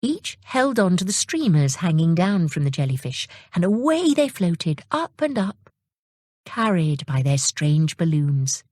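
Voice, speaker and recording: A woman reading children's stories aloud in a slow, expressive storytelling manner. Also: lowish voice, no echo, clean studio sound. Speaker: audiobook reader.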